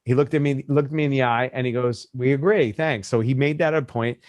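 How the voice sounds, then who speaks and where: A man's voice: mid-range voice, brisk, no echo, studio quality. A man who coaches businesses, telling a story in casual podcast talk and acting out the people he quotes. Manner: animated storyteller, acts out quoted voices.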